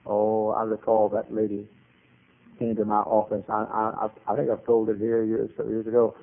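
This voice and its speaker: A man preaching a sermon as pastor, animated, dropping to quiet asides and rising to shouted retellings. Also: lowish voice, normal speed, gravelly. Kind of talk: revival-style sermon. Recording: tinny phone-like old sermon recording.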